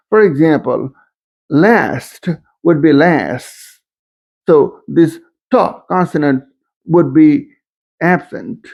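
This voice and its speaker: Slow, gravelly male instructor. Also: a little high, dull audio. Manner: slow, careful, lists example words one by one. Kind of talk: lecture on dialects.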